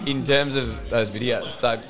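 A man's voice: medium pitch, moderate pace, fairly bright tone, faint music behind. A man interviewing a guest in a pub, teasing him dryly. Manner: dry teasing. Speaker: podcast interviewer. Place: country pub.

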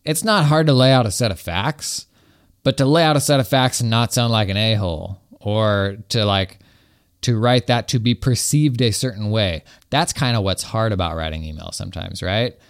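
A man's voice: lowish voice, moderate pace. A man in his thirties hosting a casual talk show from his home garage, chatty and enthusiastic, peppering his talk with "like" and "right?". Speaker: podcast host. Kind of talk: casual software commentary.

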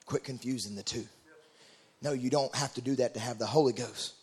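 A man preaching a Pentecostal sermon in a church, building from quiet teaching to shouted, rhythmic calls. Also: mid-range voice, brisk.

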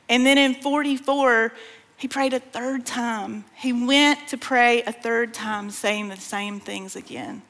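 A woman's voice: a little high, fairly even intonation, unhurried, a bit bright. Woman preaching in an echoing hall. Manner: folksy, addresses the crowd as "y'all"; reads scripture aloud with feeling. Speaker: speaker at a women's conference. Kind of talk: sermon. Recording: long hall reverb.

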